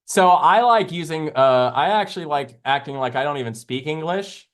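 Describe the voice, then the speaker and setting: A man's voice: fairly high pitch, normal speed, a bit bright. Jokey rambling man hosting a live show. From American South. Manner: rambling, jokey, laughs often. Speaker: live trading show host. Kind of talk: casual chat on a live stream.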